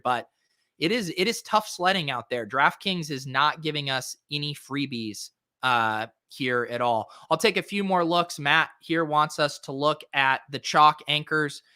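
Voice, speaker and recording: A man's voice: fairly high pitch, sharp tone, smooth, no room sound, studio quality. A man hosting a fantasy sports show, reviewing lineups in a casual, chatty way with lots of fillers. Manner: chatty, filler-heavy, quick asides. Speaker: fantasy sports podcast host.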